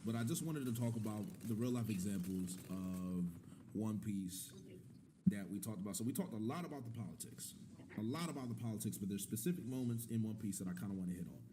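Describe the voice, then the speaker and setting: A man hosting a casual podcast discussion, animated and slangy, laughing often. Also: on the low side, brisk, background noise. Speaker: host.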